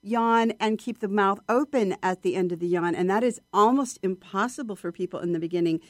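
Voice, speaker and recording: Woman voice teacher, expressive, mid pitch, dry studio sound. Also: fairly quick, no echo. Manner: expressive, acts out voices of students. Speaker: voice coach guest. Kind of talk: casual interview chat.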